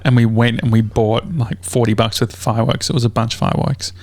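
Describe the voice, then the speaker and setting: A man's voice: mid-range voice, flat delivery, quick pace, a little mellow, no room sound. Rambling Australian man, casual podcast talk. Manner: rambling storyteller, swears a lot, many fillers. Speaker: podcast host. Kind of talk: casual chat.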